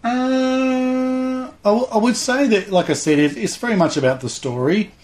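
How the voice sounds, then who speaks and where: A man's voice: high voice, sing-song, fairly quick, darkish tone. Enthusiastic rambling middle-aged man. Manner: rambling, enthusiastic, acts out voices. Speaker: guest, hobby show host. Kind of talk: casual interview chat.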